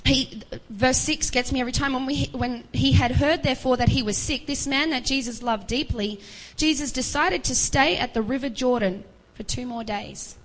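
A woman's voice: high-pitched, normal speed, few pauses, rough recording. A woman preaching a sermon, retelling a Bible story earnestly and acting out the voices of its figures with pleading rises.

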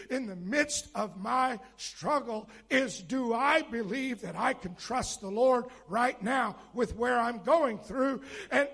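A man preaching a sermon as pastor, fervent and rising to shouts, with candid conversational asides. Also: extremely high pitch, vocal fry, slightly rough.

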